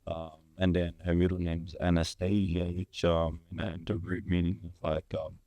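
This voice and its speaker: Young guy guest, super deep dark voice, rambly, says like a lot. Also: monotone, moderate pace, no room sound. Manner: rambling, heavy use of "like" fillers. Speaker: guest, father of three. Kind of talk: casual podcast conversation.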